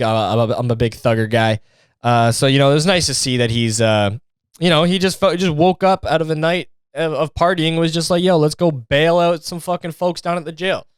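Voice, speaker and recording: A male comedy podcast host who rambles through a sarcastic, profanity-laced monologue. His voice is smooth and clear, and the close mic gives it a dry sound with no room echo. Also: medium pitch.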